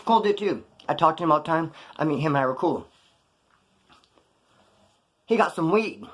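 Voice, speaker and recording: On the high side and moderately paced, a California man recounts prison stories to the camera. His delivery is loose and slangy, full of energy, and he voices the other characters' lines himself.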